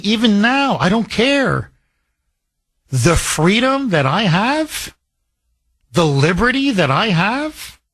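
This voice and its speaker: A man's voice: high voice, a bit bright. A middle-aged man from Canada hosting a talk radio show, delivering an emotional, heated monologue.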